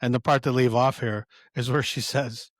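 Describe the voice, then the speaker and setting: A man's voice: mid-range voice, fairly even intonation, normal speed, no room sound, studio quality. Rambling man doing film commentary. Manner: rambling, many restarts, chuckling. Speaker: podcast host.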